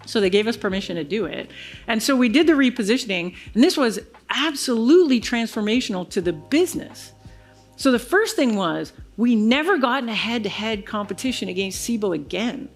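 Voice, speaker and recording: On a large conference hall stage, a woman with a slightly high voice delivers a keynote a little fast, with faint music in the background. She tells a business story as an animated storyteller, acting out the other people's lines.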